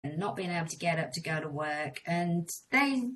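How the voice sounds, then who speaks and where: A woman's voice: on the low side, expressive, moderate pace, a bit bright, slight background noise, low-quality recording. A middle-aged woman tells her life story in a frank, meandering way, often restarting her sentences. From England. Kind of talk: candid personal storytelling.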